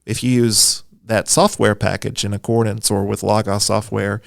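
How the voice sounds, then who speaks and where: A man's voice: lowish voice, flat delivery, normal speed, vocal fry, no echo, studio quality. A man, a Bible scholar guest, explaining at length in a friendly, enthusiastic podcast interview, with a self-deprecating touch.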